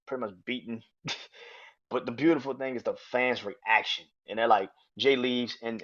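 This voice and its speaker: Brief: male podcast host, mid-pitched, swears freely and gets worked up, lo-fi muffled audio. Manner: excitable, profane, laughs often. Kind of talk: casual wrestling review.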